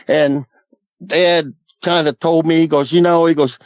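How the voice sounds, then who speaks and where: A man's voice: fairly high pitch, steady tone, moderate pace, no echo, muffled recording. Earnest man in his fifties. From Southwest Missouri Ozarks. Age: 50s. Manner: earnest, folksy, repeats "I said" and "he goes". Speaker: guest. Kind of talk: recounting a personal encounter.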